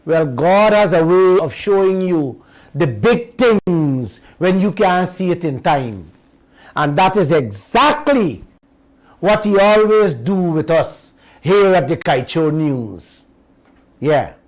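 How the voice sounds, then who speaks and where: A man with a Guyanese accent hosting a radio show, delivering a slow, emphatic political commentary and speaking straight to his listeners. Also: on the high side, big pitch swings, a little mellow, rough recording.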